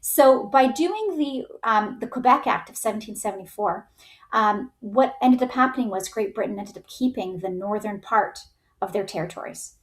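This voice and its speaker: Chatty woman teaching history. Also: mid-range voice. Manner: chatty, full of "like" and "right?", acts out groups in quick voices. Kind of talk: casual history lecture.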